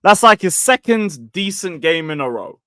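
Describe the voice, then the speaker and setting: Young man, fan-channel host, rambling and sweary, a bit high, dry close mic. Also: big pitch swings, moderate pace, pushed and bright, smooth, dry recording. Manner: blunt, sweary, rambling, reading chat comments. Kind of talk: casual live match review.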